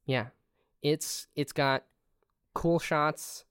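A woman co-hosting a casual movie podcast, relaxed, agreeing easily and laughing quietly. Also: low-pitched, very slow, clean tone, dry recording, clean studio sound. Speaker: podcast co-host. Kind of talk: casual movie-review chat.

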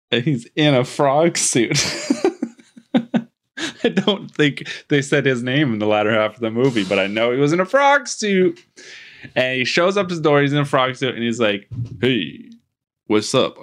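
On a podcast, a man casually recaps a movie, rambling and joking, restarting often and acting out characters' lines in playful voices. His mid-range voice is animated, a bit bright, and moves at a moderate pace.

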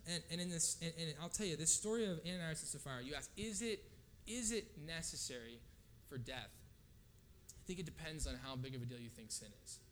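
A man's voice: fairly high pitch, slight background noise. A man preaching a sermon in a casual, conversational way, often checking in with the audience. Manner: casual, conversational, frequent "right?" asides.

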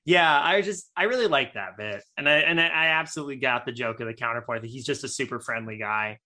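An enthusiastic man chatting casually about a film, his voice bright and forward. He rambles a little and restarts sentences as he gets excited. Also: medium pitch, quick pace. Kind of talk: casual chat.

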